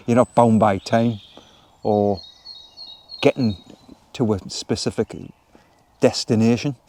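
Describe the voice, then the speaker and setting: A man, chatting casually in a relaxed, rambling way as he vlogs from a woodland wild camp. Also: fairly low pitch, slow pace, long pauses, a little hiss or hum. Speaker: vlogger. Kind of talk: casual outdoor vlog talk. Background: birds and woodland ambience.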